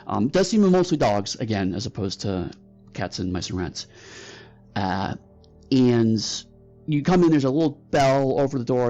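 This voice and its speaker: A man narrating a tabletop role-playing game as game master, pausing often with fillers. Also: mid-range voice, animated, mellow. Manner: hesitant, many fillers. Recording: slightly dull sound with faint music.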